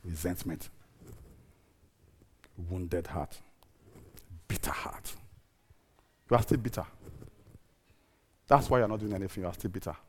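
A preacher man in his fifties delivers a sermon in a church. He repeats key phrases and calls on the congregation to answer back. His delivery builds to loud emphasis and then drops low again. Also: lively intonation, measured pace, pauses often, a little hiss or hum. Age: 50s.

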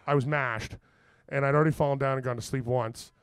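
A man's voice: a little fast, clear, resonant tone, no room sound. A young man, telling a story on a podcast, swearing casually and acting out every character. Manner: lively, acts out every character with big pitch swings; swears casually, says "like" often. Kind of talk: animated storytelling.

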